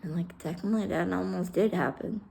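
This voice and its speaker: Her voice sits on the low side, warm with vocal fry, and she talks a little fast. This retired fire rescue worker recounts her own experiences in a casual vlog, swearing, blunt, and candid, with humor and raw emotion side by side. She acts out both sides of conversations as she retells scenes.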